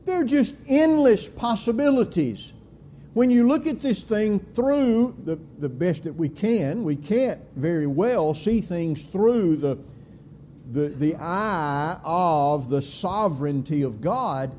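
A man preaching a sermon, with slow, deliberate delivery and emphatic swings in pitch and volume. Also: expressive, dark tone, slight background noise.

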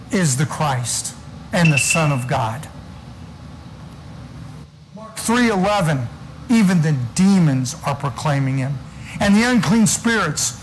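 Male preacher, high voice, slow and weighty delivery, scripture-heavy sermon, faint background hum. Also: rough recording.

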